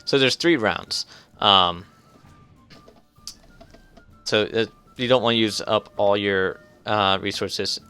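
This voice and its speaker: A man streaming a card game live, thinking aloud in halting starts while his voice grows strained. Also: lowish voice, bright, forceful tone, smooth, faint music behind. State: strained, fading voice. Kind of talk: casual live gameplay commentary.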